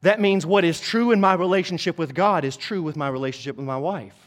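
A man preaching a sermon as pastor, driving points home with repetition and climbing into loud, urgent exhortation. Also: fairly high pitch, fast. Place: church sanctuary.

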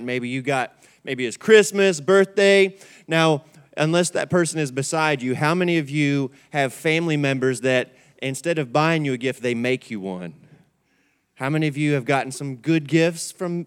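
A man's voice: a little high, smooth. A male pastor preaching a conversational midweek sermon in church, repeating key words and calling on the congregation to answer. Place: church sanctuary.

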